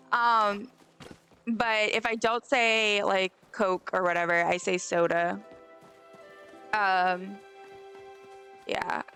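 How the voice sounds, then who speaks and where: A woman's voice: medium pitch, flat delivery, very slow, pauses often, bright, forceful tone, clean tone, faint music behind. A young woman from the States, chatting casually and rambling with lots of fillers while she plays a game on a live stream. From Southern United States.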